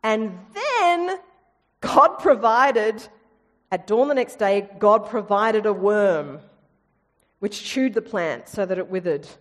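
A woman's voice: mid-range voice, slow pace. Woman preaching in a big hall. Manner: lively storytelling with asides and humour. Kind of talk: sermon.

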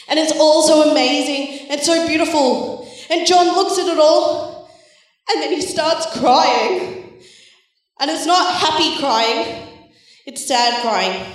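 A woman giving an encouraging, animated Bible talk to children in a church. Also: sits high. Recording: very echoey hall, voice from far off.

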